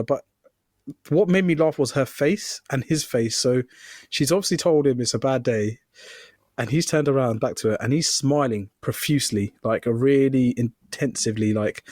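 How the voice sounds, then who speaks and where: A man's voice: mid-range voice, darkish tone, dry recording, studio quality. A young man co-hosting a podcast, chatting casually and laughing often as he tells stories. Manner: giggly, laughs often while telling stories. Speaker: podcast co-host. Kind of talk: casual chat.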